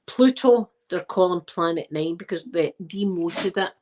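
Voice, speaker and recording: A woman's voice: fairly low pitch, a little slow, dull audio, slight background noise. A Scottish woman in her forties, host of a live stream, chatting casually and telling rambling stories with the odd swear word. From Scotland. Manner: rambling, animated storytelling with swearing. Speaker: ASMR livestream host.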